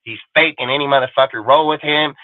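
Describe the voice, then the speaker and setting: A man's voice: mid-range voice, fast talker, no echo. Angry, profane man ranting on a tinny line. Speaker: host of a fan livestream. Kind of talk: profane ranting livestream talk. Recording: dry, phone-like narrow sound.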